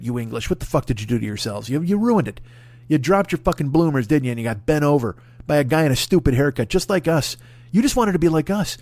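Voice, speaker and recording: This comedian host, an American man, delivers a profane, meandering comic rant peppered with impressions. He talks fast in a higher register with big pitch swings and a slightly mellow tone, recorded with no room sound.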